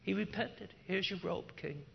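Slow gravelly guy preaching a sermon, dull lo-fi recording. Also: slight background noise. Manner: slow, emphatic preaching that climbs in pitch and force when storytelling.

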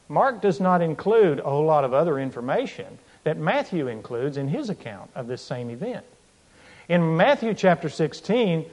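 Lively, emphatic male preacher. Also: a little high. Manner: emphatic, with dramatic pauses and swells in volume. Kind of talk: sermon.

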